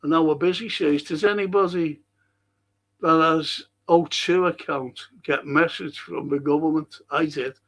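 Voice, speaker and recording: A man's voice: a little high, steady tone, unhurried, a bit bright. A man hosting a rambling solo monologue, blunt, swearing and often restarting his sentences. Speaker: host.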